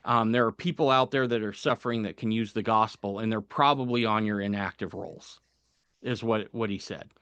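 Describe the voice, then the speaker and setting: A man's voice: lowish voice, moderate pace, clear, resonant tone, no echo, muffled recording. Man telling a story with self-deprecating laughs. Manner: animated anecdote-telling, acting out quoted voices, laughing at himself. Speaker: podcast guest telling a personal story. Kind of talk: casual storytelling.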